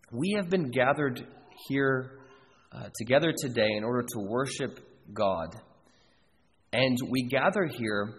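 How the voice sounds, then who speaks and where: A man's voice: mid-range voice, long reverb tail, slight background noise, rough recording. A man preaching a sermon as a pastor, earnest and emphatic, repeating key phrases for weight. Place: church sanctuary.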